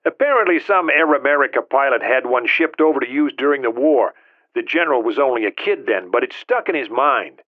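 A man voicing a calm, matter-of-fact male operations chief speaking on a phone line in an audiobook. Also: mid-range voice, a little fast, pitched above the performer's own voice. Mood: businesslike. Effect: phone filter. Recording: narrow tinny phone line.

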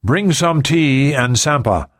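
A man voicing a gentle, soothing older male spiritual leader in an audiobook. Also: medium pitch, lively intonation, no echo, clean studio sound, pitched above the performer's own voice. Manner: soothing, unhurried.

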